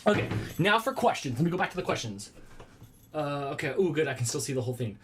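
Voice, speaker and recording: A man's voice: on the high side, big pitch swings, fast, background noise. A man in his thirties hosting a casual home livestream, rambling and chatting with viewers and often exclaiming as he goes.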